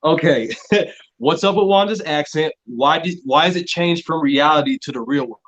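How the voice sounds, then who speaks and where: A man hosting a casual podcast chat, asking questions hesitantly with many pauses and ums. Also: on the high side, a bit bright. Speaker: host. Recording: dull lo-fi audio.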